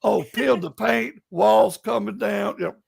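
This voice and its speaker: A man telling paranormal investigation stories, animated and laughing, in casual chat. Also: high-pitched, unhurried, vocal fry, slightly rough, dry recording. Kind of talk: casual storytelling on a live stream.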